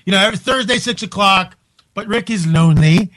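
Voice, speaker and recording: A man hosting a live talk radio show from home, incredulous and animated, restarting his sentences often. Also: high-pitched, brisk, low-quality recording.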